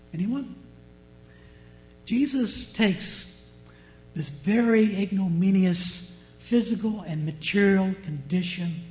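A man with a notably high voice preaches a sermon, his delivery climbing to loud emphatic peaks before dropping to hushed asides. He keeps turning to the congregation with rhetorical questions. Faint music plays softly beneath him. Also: low-quality recording. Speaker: pastor.

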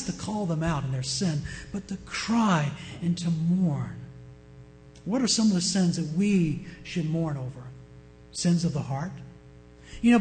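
A male pastor preaching a sermon with passion, swinging from loud declarations to hushed words. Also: sits high, rough recording.

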